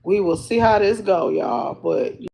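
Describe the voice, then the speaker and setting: A woman's voice: mid-range voice, measured pace, mellow, slight background noise, poor audio. A woman chatting casually to her livestream viewers, rambling along and laughing often, talking into a phone. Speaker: livestream host.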